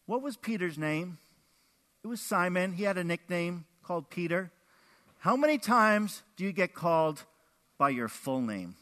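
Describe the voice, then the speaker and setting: High, bright-voiced man preaching in a hall. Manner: animated, acts out quotes with big pitch swings. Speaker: pastor. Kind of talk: sermon. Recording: echoey hall with long reverb.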